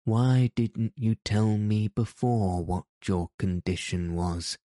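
A blustering, quick-tempered old king, read by a man in a storybook audiobook. The voice sits low and unhurried, dark and mellow, and the sound is dry and close. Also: no room sound. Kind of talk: audiobook character reading.

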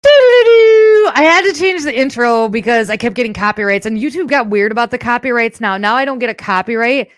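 A woman's voice: on the high side, fast, hardly any pauses, a bit bright, no room sound. A woman hosting a casual livestream show, chatting bluntly with viewers, swearing freely, and rambling through asides from her home setup. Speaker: podcast host.

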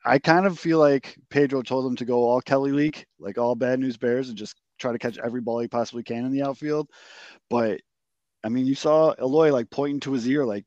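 A man's voice: mid-range voice, fairly even intonation, brisk, a little mellow, dry recording, lo-fi sound. Profane rambling sports podcast guy. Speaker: podcast host. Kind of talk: casual sports chat.

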